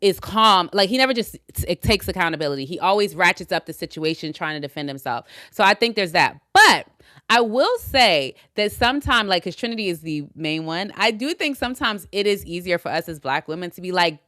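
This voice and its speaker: A woman chatting casually as co-host, her voice smooth and fairly low, recorded close and dry. She is animated and opinionated, laughs often, and stumbles into restarts when she is unsure. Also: fairly quick, no room sound. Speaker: podcast co-host. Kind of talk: casual chat recap.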